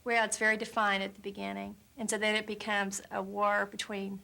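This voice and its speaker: A woman's voice: medium pitch, completely flat delivery, fairly quick, creaky, sharp tone. A woman, the mother of a three-year-old, describing her daughter's tantrums in a chatty, slightly self-deprecating way. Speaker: caller asking for advice.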